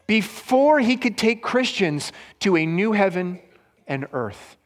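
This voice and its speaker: A man's voice: sits high, big pitch swings, takes it slowly. A man preaching a sermon, retelling a story simply for children, with his voice rising for the quoted lines. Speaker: pastor. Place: church hall. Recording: long hall reverb.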